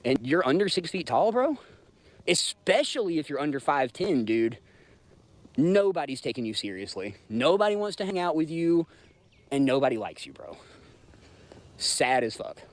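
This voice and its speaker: A Southern-accented man in his thirties hosts a casual livestream. His voice sits a little high. He talks bluntly and swears freely as he rambles through his grievances. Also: big pitch swings, moderate pace, long pauses. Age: 30s. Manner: profane, blunt, rambling, talks straight to chat. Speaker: livestream host.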